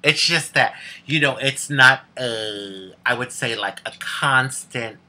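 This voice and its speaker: Sassy woman with a sharp voice. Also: rumbling low, slow pace. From United States. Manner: sassy, candid, laughs often. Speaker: vlogger. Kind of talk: casual storytelling to camera.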